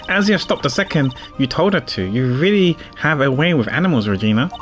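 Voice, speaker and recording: A man's voice: mid-range voice, lively intonation, brisk, faint music behind, pitched below the performer's own voice, lightly acted. A man voicing a dry, stern prosecutor. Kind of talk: voicing game dialogue.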